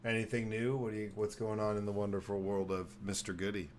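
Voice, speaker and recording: Low-voiced man telling rambling stories. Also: flat delivery, fast, a little hiss or hum. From Texas. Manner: rambling storyteller who acts out voices, swears freely. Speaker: podcast host. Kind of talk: casual chat.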